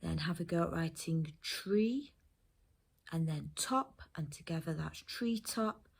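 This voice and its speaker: English lady teacher going through phonics, slow and careful, sounds each letter out, lowish voice. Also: creaky, slightly rough. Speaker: primary school teacher. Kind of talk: phonics lesson for children and parents.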